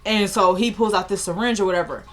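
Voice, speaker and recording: A young woman talks straight to her viewers in a loose, rambling way, laughing often and joking as she walks through an episode. Her voice sits at a middle pitch, neither high nor low for a woman. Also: fast talker. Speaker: TV episode recap vlogger. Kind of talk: casual chat.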